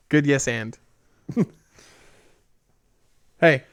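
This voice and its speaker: A man's voice: fairly high pitch, clear, resonant tone, no echo, clean studio sound. A man hosting a podcast, telling stories in casual chat, laughing often and swearing freely. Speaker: podcast host.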